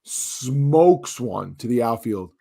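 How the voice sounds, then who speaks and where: A man's voice: medium pitch, slow pace, vocal fry, slightly rough. A man on a podcast telling a long story in casual chat, acting out what people said and often restarting his sentences. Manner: animated, acts out quotes, restarts often. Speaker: podcast co-host.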